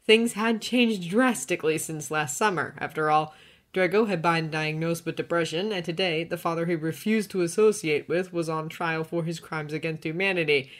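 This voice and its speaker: A woman reading a fanfiction audiobook, narrating in a steady, even storytelling manner. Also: low-pitched. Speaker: reader.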